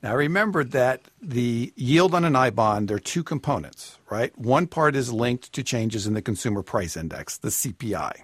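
A man on a radio call-in show, giving personal finance advice in a measured, explanatory way. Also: mid-range voice, expressive, husky, no echo. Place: radio studio.

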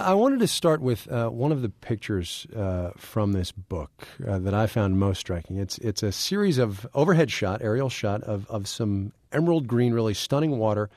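A male radio host with a mid-range voice, brisk and conversational as he leads an interview. He sometimes stumbles over his words. The studio sound is completely dry. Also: medium pitch, a little mellow, no echo.

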